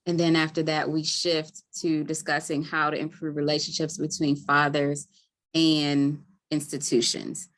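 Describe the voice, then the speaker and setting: A woman's voice: sits low, level tone, measured pace. Baltimore woman hosting a webinar. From Maryland, US. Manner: friendly, chatty, many ums. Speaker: webinar host, community health worker. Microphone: video call.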